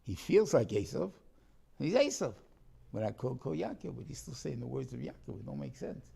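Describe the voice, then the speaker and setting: Gravelly-voiced man teaching a Torah class. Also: mid-range voice, very animated, normal speed, mellow. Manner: rambling and conversational, many restarts, mixing in Hebrew terms.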